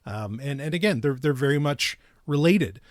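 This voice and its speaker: Male podcast co-host, slightly high, very lively pitch, rambling and laugh-prone, dry studio sound. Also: no room sound. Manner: rambling, self-interrupting, quick to laugh. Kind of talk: casual chat.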